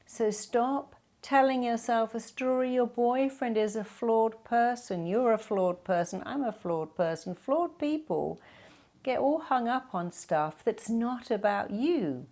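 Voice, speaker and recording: A woman's voice: on the high side, lively intonation, unhurried, warm tone. A middle-aged woman, a self-help speaker, answering viewer questions with emphatic advice and acting out quoted speech.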